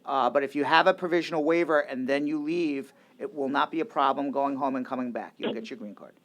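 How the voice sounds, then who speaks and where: A man hosting a call-in radio show, answering legal questions in a brisk, confident, teasing way. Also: mid-range voice, steady tone, fairly bright tone. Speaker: immigration lawyer and radio host.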